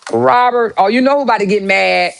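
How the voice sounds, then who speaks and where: A woman hosting her own vlog, reacting out loud to news with exclamations and lots of swearing, talking straight to her viewers. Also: fairly high pitch, fairly quick, creaky, poor audio. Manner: profane, exclamatory, talks to viewers. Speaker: vlogger host. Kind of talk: casual reaction commentary.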